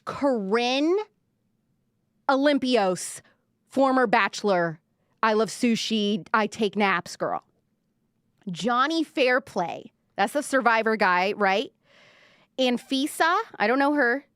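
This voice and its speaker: A woman's voice: fairly high pitch, lively intonation, slow, pauses often, a bit bright, smooth, dry recording, clean studio sound. A young woman hosting a casual pop-culture livestream, chatty and gossipy, full of "like" and reading viewer comments aloud. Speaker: livestream show host.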